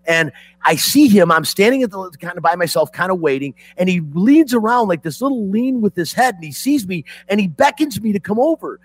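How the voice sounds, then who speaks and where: A middle-aged man from Detroit hosting sports talk, telling a story in an excitable, emotional way. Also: high voice, fairly quick, no room sound. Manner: excitable, emotional, swings loud and soft. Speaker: sports radio host.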